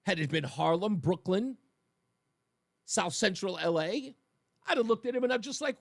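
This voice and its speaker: A male radio host delivers a heated monologue in a fairly high voice that swings widely up and down. He talks right at his audience, pressing his points with emphasis. The sound is dry and close, with no room around it. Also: normal speed, no echo. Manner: emphatic, animated, addresses listeners directly. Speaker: radio talk show host.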